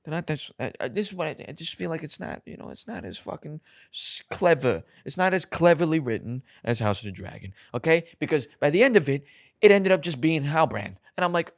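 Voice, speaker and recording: A young man in casual podcast chat, talking excitedly, swearing often and cutting in over his co-host. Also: fairly high pitch, a little fast, no room sound, studio quality.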